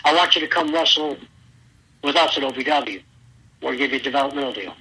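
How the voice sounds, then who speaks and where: A middle-aged man who once wrestled professionally tells stories as an interview guest, loudly acting out the lines of the people he quotes. He is an animated storyteller with a medium-pitched, quick, slightly breathy voice, and the recording quality is low.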